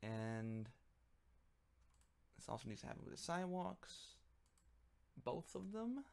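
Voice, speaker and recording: Man, livestreamer, rambling casual chat, joking, muttering, gravelly, lively pitch. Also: slow.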